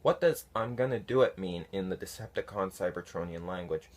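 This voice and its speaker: A man casually answering viewer comments, unhurried and halting, with many fillers. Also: low voice. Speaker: fan conlang vlogger answering comments. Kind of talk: casual talk to camera.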